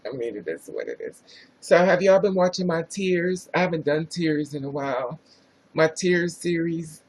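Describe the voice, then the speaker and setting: A man with a New Jersey accent and a fairly high voice hosts a casual livestream, chatting sassily and reading viewers' names aloud as he greets them. He speaks at a moderate pace, and the audio quality is poor.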